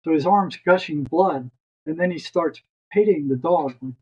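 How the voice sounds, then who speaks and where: A man's voice: a little high, normal speed, husky, highs cut off. An older retired psychotherapist, a man, telling a long story as a podcast guest, rambling and restarting his words.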